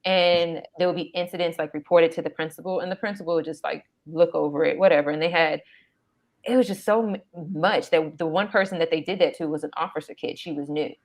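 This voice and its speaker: Middle-aged mom, deep voice, blunt and emphatic, just chatting. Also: female voice, quick pace, darkish tone. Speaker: mother and co-host. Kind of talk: casual chat.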